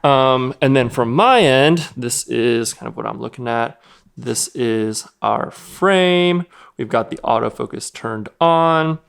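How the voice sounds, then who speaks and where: Relaxed young man explaining his setup. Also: mid-range voice, slow, creaky, clear, resonant tone. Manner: relaxed, explanatory, with frequent fillers. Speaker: videographer and host. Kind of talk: casual behind-the-scenes narration.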